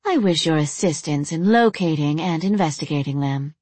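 A blunt undead woman, played by a woman reading a story, mocks everyone around her with dry disdain. The voice sits low and is recorded close in a dead room. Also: expressive, moderate pace, darkish tone, no room sound. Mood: sardonic. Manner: mocking, blunt.

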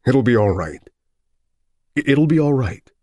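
A man's voice: medium pitch, lively intonation, unhurried, a little mellow, dry recording, pitched above the performer's own voice, natural voice. A man reading an audiobook voices a desperate, bitter working-class husband who sounds tense and pleading.

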